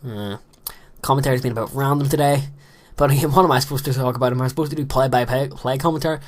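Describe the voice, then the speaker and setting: A man's voice: mid-range voice, fairly even intonation, fast talker. Chatty teenage man rambling over gameplay. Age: late teens. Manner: rambling, chatty, self-deprecating. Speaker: gaming commentator. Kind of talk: casual gameplay commentary. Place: small closet room with a fan.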